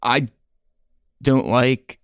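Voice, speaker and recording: A man hosting a podcast in a rambling comedic monologue, halting and earnest, full of fillers and restarts, sounding self-doubting. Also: medium pitch, fairly even intonation, clean tone, dry recording, studio quality. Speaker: podcast host.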